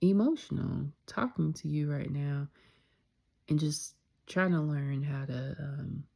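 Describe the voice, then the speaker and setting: A young woman talking candidly in a reflective personal vlog, soft-spoken and sometimes dropping into a whisper. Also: deep voice, slow, gravelly, breathy edge. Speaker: vlogger.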